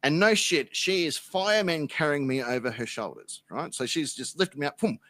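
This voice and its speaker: A man's voice: a little high, expressive, normal speed, pushed and bright, dry recording. An Australian man, a podcast guest, telling a rambling, profane anecdote in casual chat. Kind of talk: casual storytelling.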